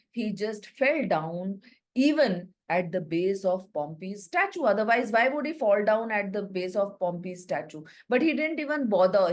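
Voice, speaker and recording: Woman teacher explaining a play. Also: fairly high pitch. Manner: reads a line slowly, then paraphrases it in plain words. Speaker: literature teacher.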